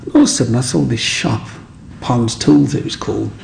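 Man, telling stories with lots of voices, gravelly, bit of hiss. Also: medium pitch, a little fast, a little mellow. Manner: acts out voices in his anecdotes. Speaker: guest. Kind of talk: animated storytelling.

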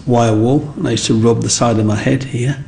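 A man's voice: medium pitch, fairly even intonation, fairly quick, vocal fry, dark tone, a little hiss or hum. A man telling his life story as an interview guest, acting out the voices of people in it. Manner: acts out voices in his anecdotes. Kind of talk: animated storytelling.

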